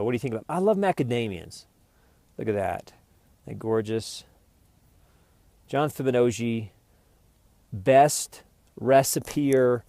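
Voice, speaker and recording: A man's voice: medium pitch, a little mellow, no room sound. Rambling jokey man vlogging. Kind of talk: rambling improvised vlog.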